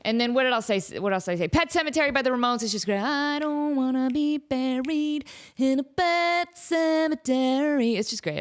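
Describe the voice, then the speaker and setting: A woman hosting a casual solo podcast, excitable and rambling, who keeps breaking into sung snippets and laughter. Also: medium pitch. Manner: talks to her cat. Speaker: podcast host.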